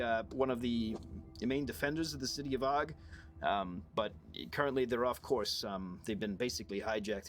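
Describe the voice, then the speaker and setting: A man playing a brisk male commander in a tabletop game hands out the next mission, speaking in a hurried, filler-laden rush. His voice sits at an ordinary middle pitch and stays close to everyday speech. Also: slight background noise, natural voice. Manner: hurried briefing full of fillers. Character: male mission leader sending heroes out, brisk.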